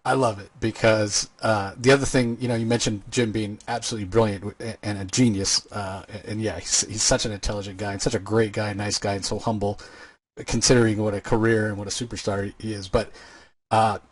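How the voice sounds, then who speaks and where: Husky-voiced man hosting an interview. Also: on the low side, little pitch movement, a little fast, no room sound. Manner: rambling, filler-heavy, earnest praise. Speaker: podcast host. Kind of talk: casual interview chat.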